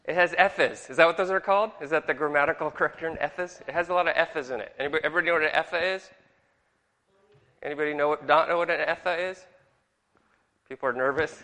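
A man's voice: a little high, fast, pushed and bright. A middle-aged man teaching a Bible class in a jokey way and asking the room questions. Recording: long hall reverb.

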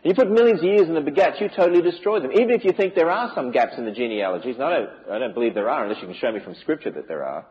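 A man's voice: fairly high pitch, animated, racing, few pauses, lo-fi sound. A man giving an emphatic preaching lecture to a church audience, with many rhetorical questions. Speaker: speaker on biblical creation.

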